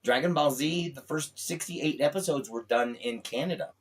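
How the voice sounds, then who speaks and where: A man's voice: medium pitch, moderate pace, slightly rough, distant mic. A man, a guest comedian and voice actor, telling profane anecdotes in casual podcast talk. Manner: animated anecdote-teller, profane.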